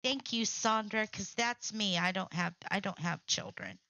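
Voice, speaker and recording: A woman's voice: medium pitch, unhurried, vocal fry, pushed and bright, no room sound. A middle-aged woman hosting a crafting livestream, chatting casually and reading out viewer comments, often laughing and repeating herself.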